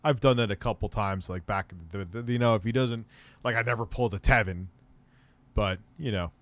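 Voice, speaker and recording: A man's voice: on the low side, fairly quick, fairly bright tone. Rambling, profane male streamer. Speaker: livestream host. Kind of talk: casual chat.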